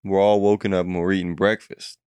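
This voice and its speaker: A young man with a low, smooth voice tells a rambling tale among friends, swearing constantly and slipping into quoted voices. The sound is dry and close. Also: brisk, dry recording. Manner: profane, animated storytelling with acted quotes. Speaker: storyteller recounting a dream. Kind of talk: casual chat.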